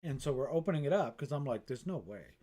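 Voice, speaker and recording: Middle-aged guy rambling on a live stream, swears a lot, pokes fun at himself, average pitch. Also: big pitch swings, quick pace, mellow. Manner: rambling, self-mocking, swears freely. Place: his art studio.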